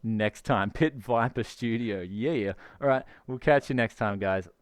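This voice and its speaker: A man hosting a tech live stream, upbeat and joking, with quick asides. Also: medium pitch, clean tone, no echo, clean studio sound. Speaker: tech channel host. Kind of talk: casual live-stream chat.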